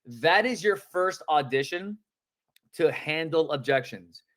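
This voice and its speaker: A man coaching real estate agents on a live-streamed sales training, talking in energetic, casual slang and acting out phone calls. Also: fairly high pitch, slow pace.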